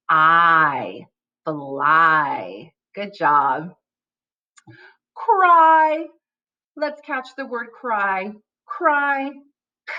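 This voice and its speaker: Bright, sing-song woman teacher. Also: medium pitch, highs cut off. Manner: slow, sing-song, drawn-out sounds. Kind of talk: phonics lesson for young children.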